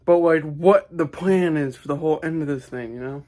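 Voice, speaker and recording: A man's voice: a little high, brisk, dark tone. A young man talking casually to his camera while outdoors on a sunny spring day, chatty and upbeat. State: out of breath. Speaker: vlogger.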